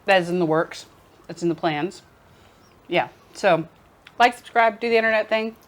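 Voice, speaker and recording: A woman's voice: on the low side, moderate pace. A woman from the United States chatting casually over a home-cooked breakfast, laughing often and sometimes talking with her mouth full. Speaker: vlog co-host cooking for a friend. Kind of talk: casual chat over a meal. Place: home kitchen.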